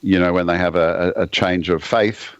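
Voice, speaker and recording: Deep-voiced Australian man, measured and wry. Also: steady tone, clear, resonant tone, dry recording, lo-fi sound. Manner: measured, thoughtful, dry humor. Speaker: guest author and ministry leader. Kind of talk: casual radio interview.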